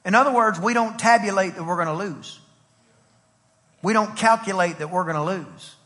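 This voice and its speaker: Man, pastor, sermon, rhythmic repetition, storytelling, very high pitch, bright tone. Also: moderate pace, long reverb tail. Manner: rhythmic preaching with repetition and acted-out stories. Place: church sanctuary.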